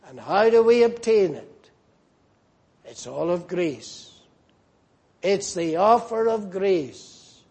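A male preacher with a fairly high voice delivers his sermon slowly and deliberately. He lingers over phrases and leans into them when he stresses a point. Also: expressive, darkish tone, slightly rough. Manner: slow, measured preaching that rises with emphasis.

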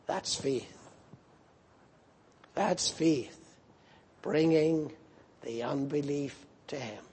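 A man's voice: a little high, drawn-out words, long pauses, darkish tone, breathy edge. A man preaching a sermon, posing questions and answering them, repeating key words for emphasis.

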